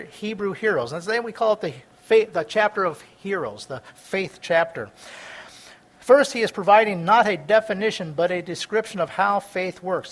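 Preaching a sermon, a man with a high voice reads scripture aloud and explains it, sometimes stumbling over words and swinging between loud and soft delivery.

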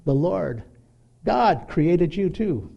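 A middle-aged man preaching a sermon in a conversational, animated way, acting out little dialogues. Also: fairly high pitch, slow, gravelly, lo-fi sound. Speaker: pastor.

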